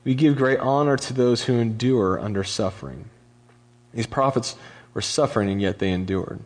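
A man's voice: medium pitch, normal speed. A young adult man giving a casual sermon as a pastor, retelling scripture in a conversational way with slangy paraphrased dialogue.

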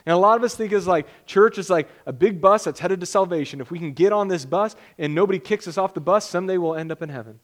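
Casting note: young man, pastor delivering a sermon in a loose, joking, conversational way, slightly higher voice. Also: fast talker, hardly any pauses.

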